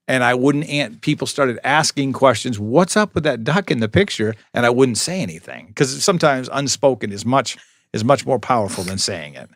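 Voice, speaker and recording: A middle-aged police public information officer speaks in a mid-range voice, recorded dry. As a guest in a storytelling interview, he tells long anecdotes full of dry humor, frequently starting over.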